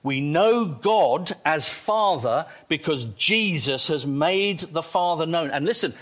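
Excitable male preacher, lively high voice. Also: slow pace. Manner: excitable, swings from quiet to loud exclamations. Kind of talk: sermon.

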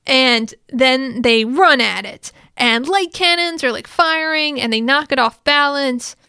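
A chatty, excitable woman recaps an episode and scatters fillers through every sentence. Her voice sits a touch high and sounds bright, smooth and crisp. The sound is close and dry, with no room in it. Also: a little slow, dry recording. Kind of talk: casual chat.

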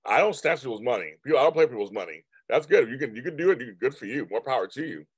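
A man's voice: medium pitch, expressive, fast talker, slightly rough, no room sound. Guy rambling on his livestream, chatty and repetitive, talking to the chat, dry room, mid voice. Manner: rambling, repeats himself, chatty asides to viewers. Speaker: livestream host. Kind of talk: casual live-stream chat reading viewer comments.

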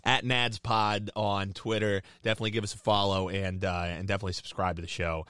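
A man's voice: fairly low pitch, a little fast, clean tone, no room sound. A man in his twenties co-hosting a podcast, chatting casually, joking and swearing. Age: 20s. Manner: jokey, swears, lively delivery. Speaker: podcast co-host. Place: recording studio.

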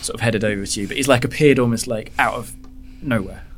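A man running a tabletop horror game as game master, narrating slowly and hesitantly with many fillers. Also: mid-range voice.

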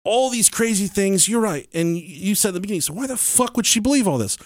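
A man hosting a podcast, telling a true-crime story in casual chat, animated and swearing freely. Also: sits high, fast talker, dry recording, studio quality. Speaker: podcast host.

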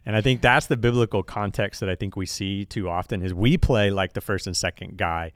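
Man, pastor, low voice, dry close sound, relaxed storytelling, acts out characters. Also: a little fast, no echo. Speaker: pastor and podcast co-host. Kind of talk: casual church podcast chat, storytelling.

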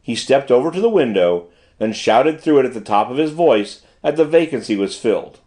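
Man, audiobook narrator, first-person storytelling, formal prose, animated pitch. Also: moderate pace. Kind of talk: scripted narration.

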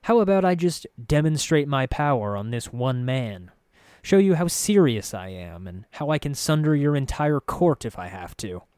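A man's voice: mid-range voice, normal speed, clear, resonant tone, dry recording, clean studio sound, voice pushed up, close to an everyday voice. A man as a coolly polite, ruthless spellcaster. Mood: coldly menacing. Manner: calm, coolly polite menace. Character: cold, ruthless male spellcaster, calm and polite.

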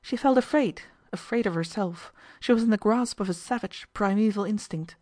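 A woman reading a classic novel aloud as an audiobook narrator, in a measured storytelling manner. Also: medium pitch, mellow. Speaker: audiobook reader.

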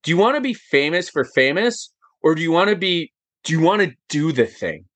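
A man talking as a podcast guest in casual chat, animated and emphatic, firing off rhetorical questions. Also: on the high side, a little fast, dry recording.

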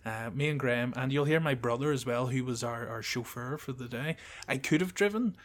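A man hosts a podcast in a relaxed, hesitant way, full of small fillers. His voice sits at a middle pitch, and he drops in dry, joking asides. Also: fairly quick. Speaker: podcast host. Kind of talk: casual podcast chat and interviewing.

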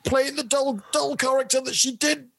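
A man's voice: extremely high pitch, fairly even intonation, moderate pace, vocal fry, fairly bright tone, slight background noise. A man co-hosting a comedy podcast, swearing freely and bursting into theatrical rants. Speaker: podcast co-host. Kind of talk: comedic banter.

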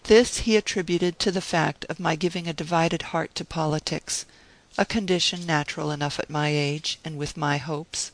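A man reading a story aloud, with measured narration that rises in force on the quoted speech. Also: a little high, steady tone, a bit bright, low-quality recording. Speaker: audiobook reader. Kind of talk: scripted narration.

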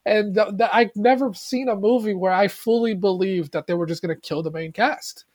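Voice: mid-range voice, normal speed, a little mellow. A podcast co-host talking casually about a movie in an earnest, rambling way, often restarting sentences.

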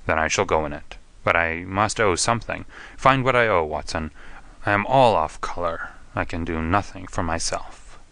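A man's voice: low voice, moderate pace, sharp tone, no room sound. A man voicing a haggard, befuddled young male opium addict, confused and pleading as if close to tears. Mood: dazed, pleading. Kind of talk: audiobook character reading.

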